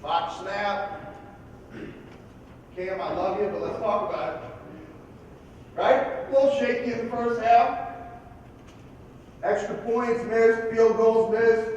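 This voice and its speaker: A high-pitched man, a football coach, tells stories in a motivational speech and now and then bursts into loud yelling. His voice comes from far off in a big hall with a long, booming echo. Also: slow, pauses often, dull audio, a little hiss or hum.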